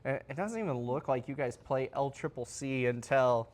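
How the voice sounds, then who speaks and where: A man's voice: mid-range voice, normal speed, darkish tone. A man hosting a sports interview show, asking long, rambling questions in a casual way.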